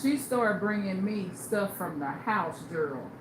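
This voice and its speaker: A woman's voice: medium pitch, slow pace. Blunt woman storytelling in an echoey room. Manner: blunt, animated storyteller who acts out quoted people. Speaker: livestream host. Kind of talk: casual storytelling on a livestream. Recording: echoey room with background noise.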